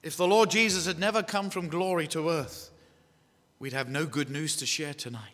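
An English-accented man preaches with a high, bright, forceful voice. He stresses his words, repeats them and keeps asking the congregation questions. A long reverb rings through the hall around him. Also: steady tone, moderate pace. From England. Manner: emphatic, repeats key phrases, asks the congregation questions. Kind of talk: evangelistic sermon. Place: church hall.

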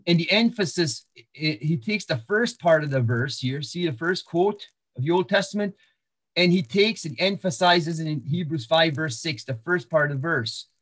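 A man's voice: fairly high pitch, moderate pace, fairly bright tone. A man preaching a sermon, walking through Bible verses with many restarts and fillers. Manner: walks through verses, repeats words and restarts, frequent fillers. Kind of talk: sermon-style Bible teaching.

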